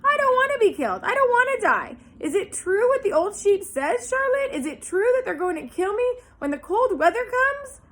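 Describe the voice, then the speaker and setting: A woman reading aloud, voicing a frantic young male pig with high, sobbing cries. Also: big pitch swings, normal speed, few pauses, a bit bright, exaggerated voice. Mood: panicked. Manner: high, shrill, pleading cries.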